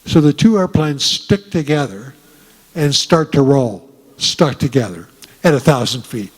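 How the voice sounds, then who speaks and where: An older man, a retired Marine officer, telling folksy stories to a room with many pauses and fillers. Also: mid-range voice, lively intonation, breathy edge. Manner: folksy storytelling, frequent "uh" pauses. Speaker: guest speaker. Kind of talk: casual talk to an audience. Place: meeting room. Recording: reverberant hall.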